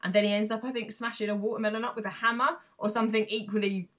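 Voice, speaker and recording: A woman's voice: medium pitch, racing. A woman co-hosting a podcast, chatting casually and recapping a TV episode with lots of ums. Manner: chatty, relaxed, with filler ums. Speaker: podcast co-host.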